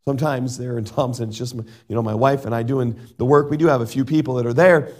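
A middle-aged man preaching a sermon and reading scripture in an earnest way. He shifts between loud emphasis and soft asides. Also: medium pitch, steady tone, fast talker. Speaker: pastor.

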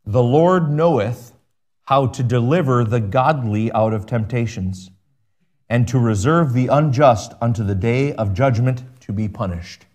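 A man preaching a sermon as pastor, slowing down to stress words and dropping to a soft voice at the ends of phrases. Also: mid-range voice. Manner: preaching with slow emphatic stretches and soft drops.

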